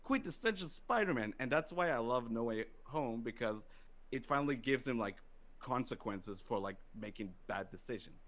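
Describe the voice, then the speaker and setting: Podcast host guy going off excitedly, lots of "like", normal pitched voice. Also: moderate pace. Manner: excitable, ranting, many fillers. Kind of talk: casual podcast chat.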